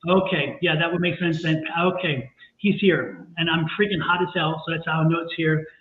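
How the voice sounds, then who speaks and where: A man's voice: on the high side, steady tone, normal speed. A man giving a live psychic reading, earnest and reassuring, repeating himself often. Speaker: tarot and psychic reader. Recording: echoey, phone-like line with faint noise.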